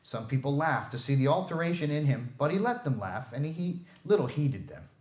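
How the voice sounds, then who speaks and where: Guy reading a story out loud, super expressive, lively voice, echoey room. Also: fairly high pitch, brisk. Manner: expressive, theatrical. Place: library room.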